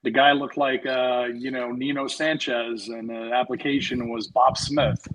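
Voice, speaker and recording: A man talking as a podcast guest, halting and searching for words in casual chat. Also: medium pitch, flat delivery, fairly bright tone, poor audio.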